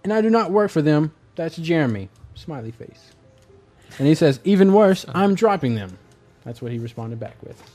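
Podcast guy reading emails, dark mellow tone, lots of uh and um, light music under. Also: a little high, big pitch swings, normal speed. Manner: rambling, filler-heavy storytelling. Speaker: podcast host. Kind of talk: casual podcast chat.

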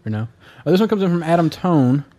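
A man's voice: a little high, lively intonation, quick pace, warm tone. Rambling podcast co-host man. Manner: rambling, hesitant, joking. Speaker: podcast co-host reading listener emails. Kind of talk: casual chat.

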